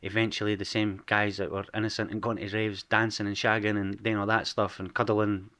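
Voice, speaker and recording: Scottish man, forties, Edinburgh accent, lowish, candid guest storyteller. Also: flat delivery, brisk, bright, forceful tone. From Scotland. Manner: frank storytelling, swears freely. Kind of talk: casual podcast interview.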